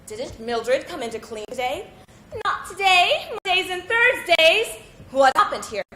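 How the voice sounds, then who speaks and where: A woman's voice: very high-pitched, big pitch swings, a little slow, sharp tone, a little hiss or hum, full character voice. A woman voicing a grumpy, sarcastic middle-aged husband in a staged comedy scene, needling his wife with dry questions. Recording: roomy echo.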